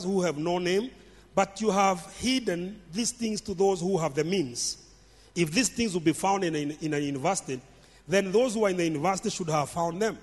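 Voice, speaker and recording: A man preaching a sermon as pastor, emphatic and stressing points by repeating phrases. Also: sits high. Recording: long hall reverb.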